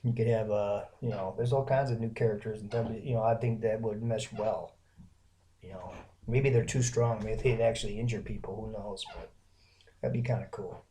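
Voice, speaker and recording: Guy from alabama just rambling on his vlog, mellow voice, says you know a lot. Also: fairly low pitch, fairly even intonation, moderate pace, a little hiss or hum. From Alabama, American South. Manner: rambling, many fillers and restarts. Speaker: vlogger. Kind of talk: rambling casual monologue.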